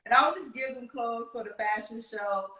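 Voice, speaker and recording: A woman from Kansas City with a Midwestern accent, a casting director telling animated stories in an interview and laughing often. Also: fairly high pitch, moderate pace, roomy sound, a loud crowd, rough recording. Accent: Midwestern American. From Kansas City, United States. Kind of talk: storytelling interview.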